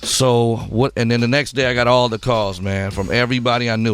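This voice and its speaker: A male radio host in a mid-pitched voice, telling a long rambling anecdote on his show. He acts out the people in his story as he goes, with faint music under him. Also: brisk, clear, resonant tone. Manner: animated, acts out quotes, rambling.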